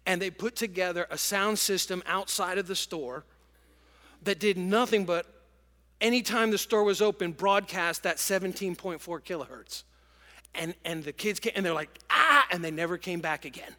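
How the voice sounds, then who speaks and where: A middle-aged man preaching a sermon to a congregation, telling stories in an animated, emotional way. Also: sits high, moderate pace. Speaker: pastor. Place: large church auditorium with congregation. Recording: long church hall reverb.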